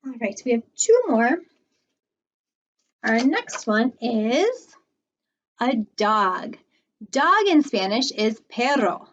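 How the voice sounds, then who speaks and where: Bright, high female children's librarian, slow and encouraging, slightly dull lo-fi recording. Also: sing-song, slight background noise. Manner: cheerful, slow and encouraging, like talking to small kids. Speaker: children's librarian teaching Spanish words.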